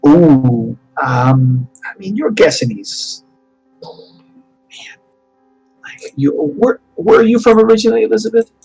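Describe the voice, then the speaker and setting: A man's voice: high voice, lively intonation, slow, gravelly, pauses often, dark tone, faint music behind, poor audio. A man narrating a tabletop game as game master, hesitant with many fillers.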